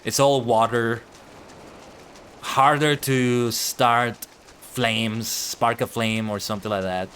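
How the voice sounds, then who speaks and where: A man streaming a video game live, reacting with frequent laughter and excited swearing. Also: medium pitch, slow, a little hiss or hum.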